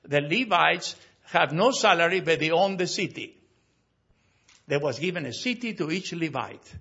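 High, bright-voiced South American pastor. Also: male voice, expressive, breathy edge, muffled recording. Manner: slow, lifted voice when reading scripture, then quick asides and personal stories; non-native grammar and frequent restarts. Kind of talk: sermon with scripture reading.

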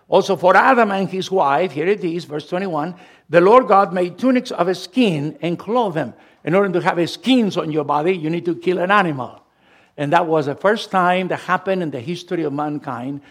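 A pastor from Latin America with a Latin American Spanish accent, preaching a sermon with emphatic, slowed phrases. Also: male voice, on the high side.

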